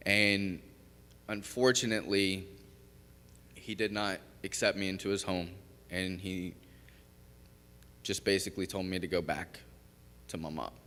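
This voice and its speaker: A man's voice: low voice, fairly even intonation, unhurried, long pauses, fairly bright tone. A young man from Kentucky giving a personal testimony at a church service, candid and conversational, full of fillers and restarts. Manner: candid, conversational storytelling with frequent fillers and self-interruptions. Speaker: recovery program graduate giving testimony. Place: church sanctuary. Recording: long reverb of a large church.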